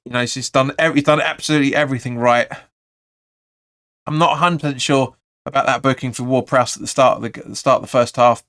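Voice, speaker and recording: A man at a middling pitch hosts a live football watch-along, rattling off play-by-play in a clear, rounded voice. He reads out viewer comments and answers them with blunt opinions. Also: fairly bright tone. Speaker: fan channel host.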